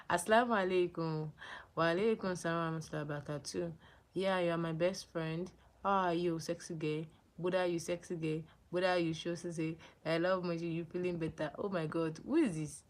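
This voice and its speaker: A woman's voice: fairly low pitch, fairly quick. A young woman from Nigeria hosting a casual livestream, greeting viewers by name and answering their comments, often repeating herself. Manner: animated, repeats names and phrases, greets viewers. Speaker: livestream host.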